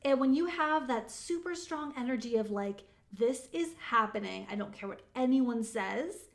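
Chatty woman with a higher voice. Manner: chatty, emphatic, many "like" fillers. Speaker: motivational speaker on manifesting. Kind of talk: casual motivational talk.

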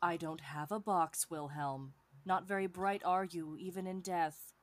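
A woman voicing a cold vampire woman who taunts an old enemy in a quiet, even voice. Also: fairly low pitch, moderate pace, dry recording, close to an everyday voice. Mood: cold taunting.

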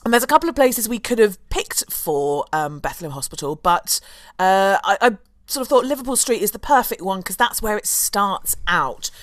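A woman's voice: mid-range voice, lively intonation, moderate pace, dry recording. A woman co-hosting a casual history podcast, laughing often as she talks. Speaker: podcast co-host. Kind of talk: casual chat.

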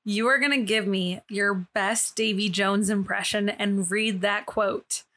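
A woman's voice: mid-range voice, steady tone, unhurried, pushed and bright. A woman co-hosting a podcast in casual chat, joking and giggling as she argues her point. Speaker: podcast co-host.

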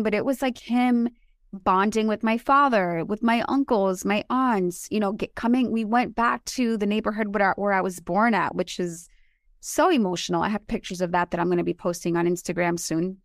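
A woman in her forties, born in Colombia, telling animated and emotional stories as a podcast co-host. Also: mid-range voice, brisk, vocal fry, no room sound, clean studio sound. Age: 40s. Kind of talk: casual chat.

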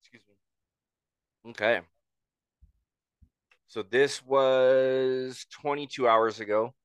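A man co-hosts a casual podcast, bantering with quick comebacks. His voice is smooth and resonant, at a middling pitch. It is recorded dry and close to the mic. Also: fairly even intonation, dry recording, highs cut off. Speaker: podcast co-host.

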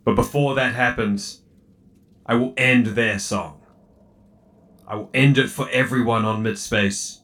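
A man voicing a grave, determined male hero, speaking a slow solemn vow in a tabletop game. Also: medium pitch, fairly even intonation, fairly bright tone.

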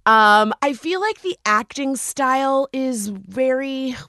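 A woman comedian chatting as a podcast guest, blunt and animated, mimicking the people she quotes. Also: high voice, slow pace, no room sound, studio quality. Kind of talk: casual chat.

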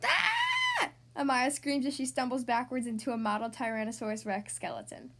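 A woman hosting a podcast, reading a storybook aloud to young children in a friendly, animated way. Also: a little high, brisk. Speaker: podcast host reading to kids.

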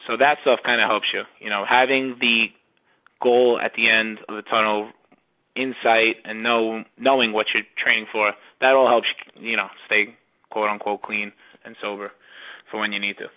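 A man talking as a podcast guest in casual conversation, halting with many restarts. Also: on the low side, little pitch movement, phone-quality sound.

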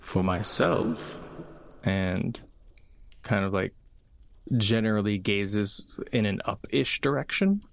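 A man voicing a towering, gentle, formal construct figure with a slow, sing-songy way of speaking. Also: lowish voice, animated, vocal fry, roomy sound, long reverb tail, heavily acted. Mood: serene.

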